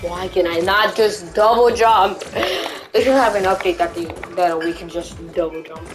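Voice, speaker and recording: A young woman playing a video game and commenting, often yelling and cheering at what happens on screen. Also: fairly low pitch, normal speed, low-quality recording. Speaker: gamer. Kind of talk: let's play commentary. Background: game music.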